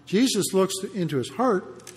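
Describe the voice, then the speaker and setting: A man preaching a sermon, explaining the passage in a conversational way with pauses and restarts. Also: high-pitched, very animated, big-room sound. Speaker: pastor.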